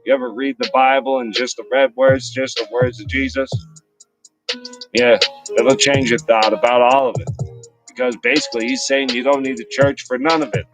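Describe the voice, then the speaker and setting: A man's voice: mid-range voice, fairly even intonation, normal speed, over music. Profane rambling man. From North Shore of Boston. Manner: profane, rambling, laughs often. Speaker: host. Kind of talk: casual livestream chat and freestyle rap.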